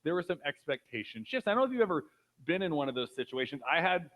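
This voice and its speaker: A man's voice: a little high, very animated, fast talker, fairly bright tone, rough recording. A man in his thirties giving a casual, conversational sermon, telling a personal story with frequent fillers. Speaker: pastor.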